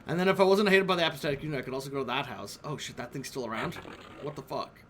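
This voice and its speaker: A man's voice: medium pitch, rapid-fire, background noise. A man streaming a video game, rambling casually and swearing as he plays. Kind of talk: casual gameplay commentary. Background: game music.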